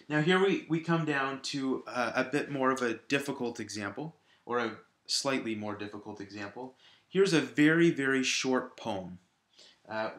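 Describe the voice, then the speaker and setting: A man's voice: mid-range voice, fairly bright tone, echoey room. A man teaching a lesson at a whiteboard, explaining patiently and overstressing syllables in his examples. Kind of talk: recorded classroom lesson. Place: classroom at a whiteboard.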